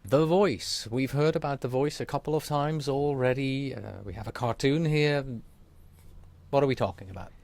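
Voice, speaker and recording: A man's voice: medium pitch, moderate pace, darkish tone. A man, a podcast host, interviewing a guest with brief, joking interjections.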